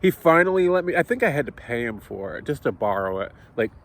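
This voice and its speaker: A man's voice: mid-range voice, big pitch swings, fast, fairly bright tone. A man vlogging a casual, rambling story, swearing often and getting heated as he talks.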